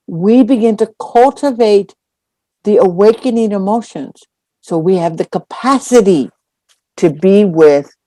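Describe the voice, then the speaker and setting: A woman dharma teacher telling a personal story in a dharma talk, animated and full of acted-out quotes. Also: mid-range voice, no room sound. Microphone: online call.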